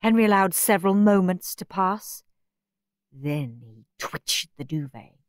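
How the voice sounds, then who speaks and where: A woman reading a children's storybook aloud, expressive and playful. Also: lowish voice, a little slow, no echo. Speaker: audiobook reader. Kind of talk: storybook narration. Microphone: close studio mic.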